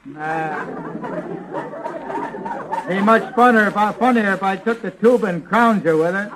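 Older man, very high voice, drawling, grumbling, mumbled insults, 1930s radio comedy. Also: unhurried, a crowd in the background, poor audio.

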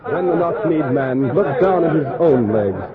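A man narrating a radio story in a measured storytelling way. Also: fairly high pitch, lively intonation. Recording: tinny old radio recording with crowd.

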